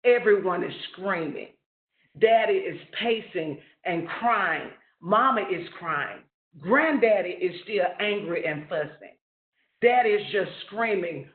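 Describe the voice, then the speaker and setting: Slow, earnest man on a tinny line. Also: high-pitched, expressive. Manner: slow, earnest storytelling with rising questions. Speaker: webinar presenter sharing family story. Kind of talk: personal story reading. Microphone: webinar call. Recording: roomy, phone-like lo-fi webinar audio.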